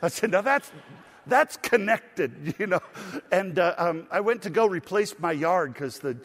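A middle-aged man preaching a sermon as pastor, telling family stories in a relaxed, conversational way full of fillers and restarts. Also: sits high, normal speed. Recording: long reverb of a large hall.

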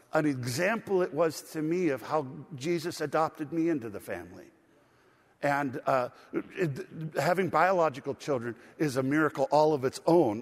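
Middle-aged pastor preaching in a reverberant hall. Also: male voice, on the high side. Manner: conversational storytelling with frequent fillers and restarts. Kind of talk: sermon. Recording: long reverb of a large hall.

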